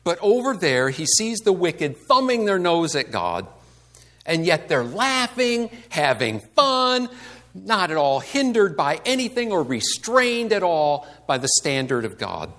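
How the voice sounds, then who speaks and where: A man's voice: high voice, very animated, a little slow, a bit bright. A man giving a conversational sermon to a congregation, asking rhetorical questions and acting out the complaints he quotes. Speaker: pastor.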